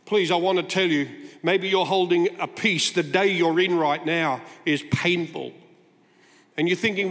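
A guest speaker in his sixties, his voice sitting high and a bit bright, preaches to the congregation in a playful, conversational storytelling style. A long hall reverb fills the recording.

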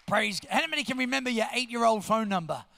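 A man in his fifties, a pastor, telling an animated sermon story and acting out the quotes. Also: very high voice, fast talker, vocal fry. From New Jersey, US. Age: 50s. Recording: long hall reverb.

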